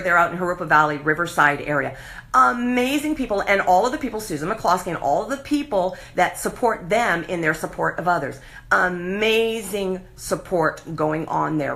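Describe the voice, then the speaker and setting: A middle-aged woman hosting a live show, talking passionately and animatedly in a casual monologue. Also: lowish voice. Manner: passionate, animated, acts out voices of others.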